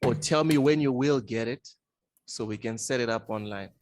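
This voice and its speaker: A man's voice: medium pitch, normal speed, slight background noise. A man co-hosting a casual gaming podcast, protesting his friend's teasing in exasperated, laughing banter. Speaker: podcast co-host.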